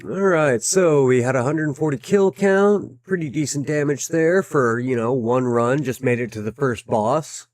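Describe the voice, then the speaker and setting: A man's voice: medium pitch, measured pace, few pauses, darkish tone, no room sound, clean studio sound. A man casually commentating his own gameplay, thinking aloud with plenty of fillers and restarts. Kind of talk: casual let's-play commentary.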